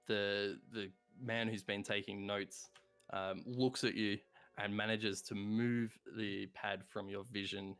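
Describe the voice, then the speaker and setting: A man narrating a tabletop game as game master, with a relaxed, chuckling narration. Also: lowish voice, clean tone.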